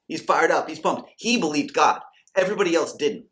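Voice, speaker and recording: A man's voice: on the high side, animated, a little fast, a bit bright. Fired-up preachy man. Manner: acts out quoted doubters and believers. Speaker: Christian coach and channel host. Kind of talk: motivational faith talk to camera.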